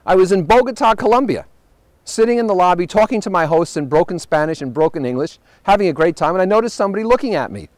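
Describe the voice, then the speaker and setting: Male host, high animated voice, wry anecdotal travel monologue, dry close sound. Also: fast, dry recording. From United States. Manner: animated storyteller, wry punchlines.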